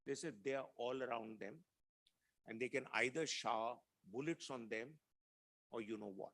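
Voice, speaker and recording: A man with a gravelly, bright edge to his voice tells old army stories in a blunt, offhand way. He speaks over a video call, slipping into the voices of the people he quotes. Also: mid-range voice, moderate pace. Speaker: guest speaker, retired army officer. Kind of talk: anecdotal storytelling talk.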